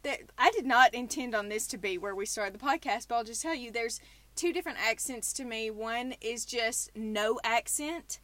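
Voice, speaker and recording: A woman's voice: fairly high pitch, moderate pace, fairly bright tone, dry recording. A woman in her forties with a Southern US accent, hosting a podcast in a casual, chatty way. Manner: chatty, laughing storyteller. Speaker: podcast host.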